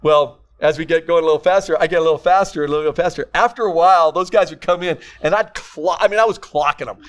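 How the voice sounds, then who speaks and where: An older man, a grandfather, telling rambling family stories in casual chat and acting out quotes loudly. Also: a little high, quick pace. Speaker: podcast co-host.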